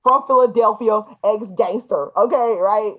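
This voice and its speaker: A woman hosting a podcast, telling a personal story in a lively way, laughing often and acting out the people in it. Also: mid-range voice, measured pace. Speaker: podcast host. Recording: muffled, dull audio.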